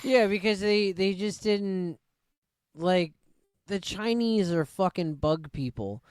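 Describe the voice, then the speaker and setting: A man's voice: sits high, slow, a little mellow, clean tone, no room sound. A man in casual podcast chat, blunt and offhand, swearing freely. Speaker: podcast co-host.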